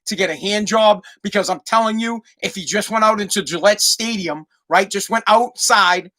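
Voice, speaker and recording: Bright-voiced man ranting on a podcast. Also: high-pitched, moderate pace. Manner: rambling, profane, repeats himself. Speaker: podcast host. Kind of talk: solo comedic rant.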